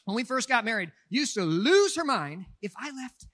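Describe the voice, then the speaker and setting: A man from Minnesota, a pastor, preaching a sermon with animated, joking delivery that swings from quiet asides to shouts. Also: extremely high pitch, moderate pace, dry recording.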